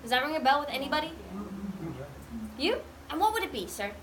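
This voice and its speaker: A woman's voice: sits high, very animated, a little fast, background noise. A woman leading a guided tour on a cheese farm, chatty and quizzing her group with questions. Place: working cheese farm dairy.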